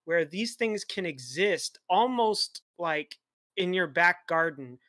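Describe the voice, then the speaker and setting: Male caller, polite and halting, forceful bright tone, dry sound. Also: high-pitched, expressive, no room sound. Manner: polite, hesitant with many fillers. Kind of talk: casual chat.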